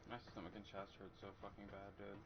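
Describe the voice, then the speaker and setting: A man's voice: on the low side, completely flat delivery, fast, highs cut off. Young man swearing on voice chat. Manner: casual, confused, swearing. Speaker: co-player on voice chat. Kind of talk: gaming voice chat. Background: loud game noise.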